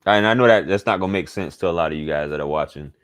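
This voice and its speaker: A man's voice: sits low, very fast. A man, talking candidly and casually to his audience as a channel host, repeating points for emphasis. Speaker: channel host giving dating advice. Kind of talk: casual monologue to camera.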